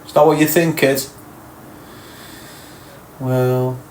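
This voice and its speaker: A man's voice: medium pitch, fairly even intonation, slow, long pauses, a little mellow. A middle-aged man with a Liverpool accent, hosting a livestream and bantering crudely with viewers as he reads their comments aloud. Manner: teasing, crude, slangy. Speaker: livestream host. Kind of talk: casual banter reading chat comments.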